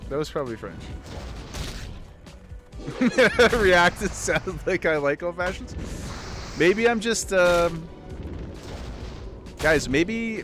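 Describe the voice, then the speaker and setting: A man livestreaming a game, chatting casually with his viewers in a rambling way and often restarting his sentences. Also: fairly high pitch. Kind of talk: casual chat with viewers while gaming.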